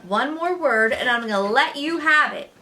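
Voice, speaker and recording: A woman voicing an exasperated preteen boy who talks loud and fed up. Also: high-pitched, animated, moderate pace, a little hiss or hum, pitched above the performer's own voice.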